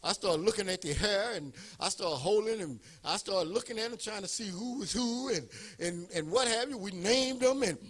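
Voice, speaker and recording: A male pastor telling a personal story in a sermon, animated and building up to shouts. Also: high voice, normal speed, hardly any pauses.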